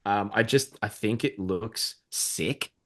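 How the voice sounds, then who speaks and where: A man co-hosting a podcast, chatting casually about comic books in an excitable, rambling way and swearing freely. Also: fairly low pitch, slow. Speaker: podcast co-host. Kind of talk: casual comic book chat.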